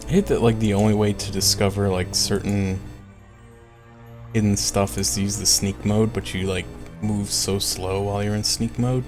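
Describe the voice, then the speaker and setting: A man's voice: fairly low pitch, level tone, normal speed, a little mellow, faint music behind. A man streaming a video game, chatting casually and rambling with lots of "like" and "um". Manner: rambling, with frequent "like" and "um". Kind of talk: casual gameplay commentary.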